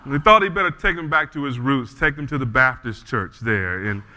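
A man preaching a sermon, telling a story in an animated way before he reads scripture and leads a prayer. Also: mid-range voice, fairly quick, long reverb tail, a little hiss or hum. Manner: animated storyteller, frequent restarts. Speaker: pastor.

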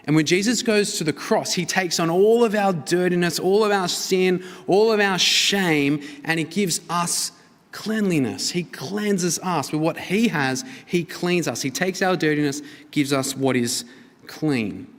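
An earnest male pastor preaches with a voice sitting a little high for a man, moving between emphatic bursts and quiet, hushed lines. His words carry a long hall reverb. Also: unhurried. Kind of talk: sermon.

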